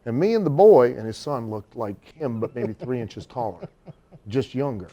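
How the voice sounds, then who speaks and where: A man in a studio interview, telling an anecdote in an animated way, laughing and acting out the people he quotes. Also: mid-range voice, moderate pace, muffled recording, slight background noise. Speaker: guest storyteller.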